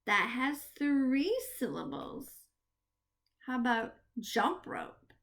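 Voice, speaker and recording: Slow, gasping kindergarten teacher woman. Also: high-pitched, gravelly. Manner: slow, drawn-out words with excited gasps. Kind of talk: early literacy lesson for young children.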